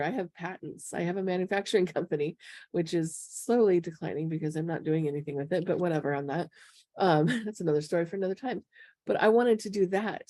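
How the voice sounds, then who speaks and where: A woman in her thirties, a spiritual healer talking casually to her viewers and acting out quoted lines in lively voices. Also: lowish voice, dry recording, clean studio sound. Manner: chatty and animated, quoting others in lively voices. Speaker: spiritual healer and channel host.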